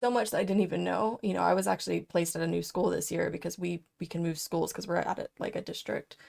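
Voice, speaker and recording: A woman's voice: fairly low pitch, fairly even intonation, fast talker, vocal fry, a little mellow. A young woman talking in an unedited personal vlog, rambling with lots of fillers and growing tearful as she speaks. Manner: rambling, filler-heavy, openly emotional. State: tearful, crying. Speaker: vlogger.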